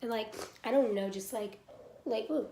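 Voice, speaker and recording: A woman's voice: a little high, moderate pace, warm tone, reverberant, slight background noise. A young woman vlogger telling a scary personal story in a casual, rambling way, saying "like" constantly, with a stuffy nose. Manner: rambling, heavy use of "like".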